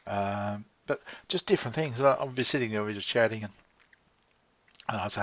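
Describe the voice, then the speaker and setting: A man's voice: on the low side, a little fast, fairly bright tone, no echo. A man talking in a meandering, laid-back monologue, swearing casually and chuckling as he goes. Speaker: vlogger. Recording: dry, slightly dull lo-fi sound.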